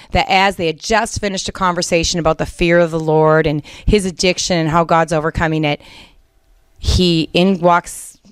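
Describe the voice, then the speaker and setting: Middle-aged woman Christian speaker, earnest and chatty, smooth dry voice. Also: on the low side, no echo. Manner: earnest, conversational, many fillers. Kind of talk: Christian teaching talk.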